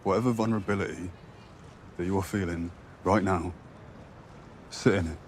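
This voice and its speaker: An actor playing a serious, earnest young man who speaks quietly and firmly in a TV drama scene. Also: deep voice, steady tone, moderate pace, a little hiss or hum, lightly acted. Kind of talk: TV drama acting.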